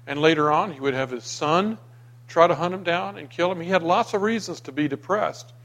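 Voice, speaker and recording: Guy preaching a sermon, kinda high voice, gets loud then drops to a whisper. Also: fairly quick. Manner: dramatic, swings between loud emphasis and hushed near-whisper; reads scripture aloud and acts out the quoted voices.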